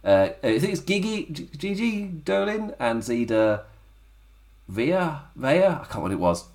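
A man's voice: on the high side, big pitch swings, normal speed, a little mellow. A man giving a casual recap of a wrestling show, chatty and often laughing at his own jokes.

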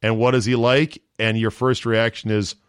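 Male sports podcast host; blunt, profane, animated banter; dry close mic. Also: fairly low pitch, normal speed, clean tone, no echo. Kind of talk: casual sports talk banter.

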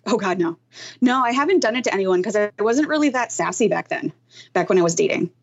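A woman guest on a podcast, chatting and laughing in a lively, casual way. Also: medium pitch, fast. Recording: dull, lo-fi sound.

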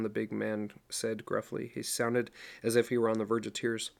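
A middle-aged man reading a novel aloud as narrator, in a steady storytelling voice. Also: lowish voice, moderate pace, creaky. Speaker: audiobook narrator. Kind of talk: scripted narration.

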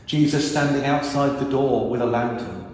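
A man's voice: medium pitch, steady tone, moderate pace. A man, a priest giving a sermon, telling stories and acting out reactions and dialogue as he goes. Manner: storytelling, acts out crowd reactions and dialogue. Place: large church. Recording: very echoey church with long reverb.

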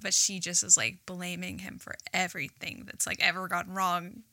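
A woman's voice: on the low side, little pitch movement, normal speed, pushed and bright, dry recording. A young woman co-hosting a podcast in casual chat, talking enthusiastically with lots of "like" fillers. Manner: chatty, many "like" fillers, enthusiastic. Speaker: podcast co-host.

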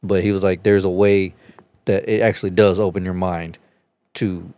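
A man chatting casually on a podcast, telling a rambling, profane story and getting animated as he retells it. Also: deep voice, normal speed, smooth, dry recording.

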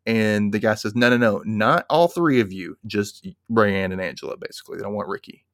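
A man's voice: lowish voice, fairly quick, dry recording, clean studio sound. A man hosting a podcast, casually recapping an episode and acting out the characters' lines. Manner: animated retelling, acting out quotes. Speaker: podcast host.

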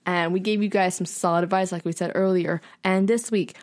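A woman's voice: fairly low pitch, fairly even intonation, fairly quick. A young woman co-hosting a podcast in casual chat, chatty and playful, with lots of fillers and laughter. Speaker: podcast co-host.

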